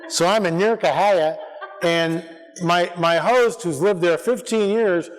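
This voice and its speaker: Male conference speaker, slightly high voice, loose rambling storyteller, church-hall reverb. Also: unhurried. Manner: rambling, animated, acts out quoted voices.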